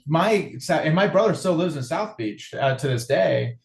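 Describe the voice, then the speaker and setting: A man's voice: on the high side, expressive, moderate pace, vocal fry, echoey room. A man from California with a Californian accent, chatting casually as a podcast guest, laid back and rambling with repeated words. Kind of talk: casual chat.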